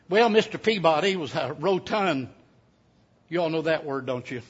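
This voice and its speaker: A man's voice: on the high side, animated, normal speed, slightly rough. A man, preaching a sermon as a folksy, joking storyteller. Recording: dull lo-fi sound.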